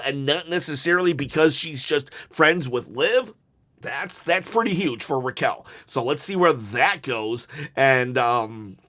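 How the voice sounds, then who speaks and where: A man's voice: fairly high pitch, a bit bright. A man reviewing a wrestling show in casual commentary, rambling and exasperated, with restarts and sighs.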